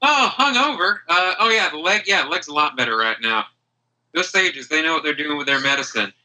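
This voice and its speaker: A man's voice: on the high side, lively intonation, a little fast, bright, forceful tone, heavily acted, poor audio. A man voicing a hungover, friendly female dwarf warrior who chats and rambles gratefully.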